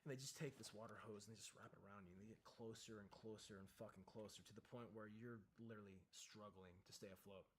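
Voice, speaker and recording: A man, a military veteran, telling a candid story with intense, profane emphasis and acting out shouted lines as he goes. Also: lowish voice, steady tone, fast, hardly any pauses, slight background noise. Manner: acts out shouted quotes in the story.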